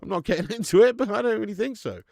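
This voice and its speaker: A man's voice: sits high, lively intonation, racing, vocal fry, dark tone, no echo, studio quality. A man with a Dorset accent hosting a live football watch-along, chatting casually with viewers, calling them lad and mate, swearing freely and laughing often. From Dorset, England. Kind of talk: casual live commentary and chat reading.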